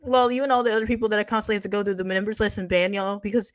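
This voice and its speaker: Rapid-fire and barely pausing, a woman streamer talks in a mid-range voice with little pitch movement, recorded dry. Her ranting commentary on online drama is profane and mocking as she reads posts and picks them apart.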